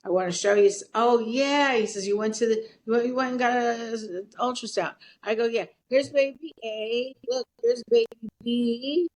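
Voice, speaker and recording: Older New woman, blunt and brash, higher-pitched, spinning a long yarn. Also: moderate pace, hardly any pauses, a little mellow. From Brooklyn, New York. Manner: brash, blunt, swears freely. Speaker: guest. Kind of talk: storytelling.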